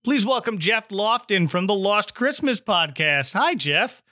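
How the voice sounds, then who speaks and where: A bright-toned man hosts a podcast, reading jokey introductions with a teasing edge. His voice sounds crisp and close, with a dry, dead sound around it. The delivery is playful and easygoing. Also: high voice, expressive, unhurried, no room sound. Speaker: podcast host. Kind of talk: jokey scripted podcast intro, then casual chat.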